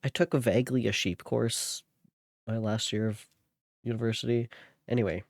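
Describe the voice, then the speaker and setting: A young man streaming, chatting casually with viewers and reading a novel aloud in a relaxed way. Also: medium pitch, normal speed, creaky, dry recording, studio quality. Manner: relaxed, chatting with viewers between read passages.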